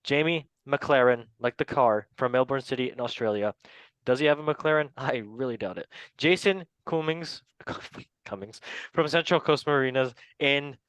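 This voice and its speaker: A man's voice: mid-range voice, moderate pace, fairly bright tone, smooth, no echo, poor audio. A man hosting a casual football chat, playful and laughing often as he stumbles over player names. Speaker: podcast host.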